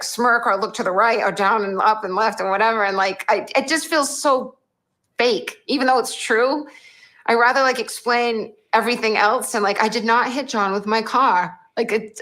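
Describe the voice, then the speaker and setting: A woman's voice: on the high side, fairly even intonation, normal speed, fairly bright tone. A woman with a Massachusetts accent giving an interview, denying accusations in an emphatic, earnest, exasperated way. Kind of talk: recorded TV interview.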